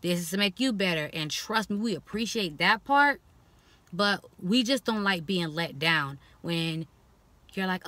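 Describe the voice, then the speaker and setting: In this talking-to-camera vlog, a young woman with a low-leaning voice speaks unhurriedly, and the recording is dry. Bluntly honest and lively, she acts out others' remarks to her using exaggerated, mocking voices.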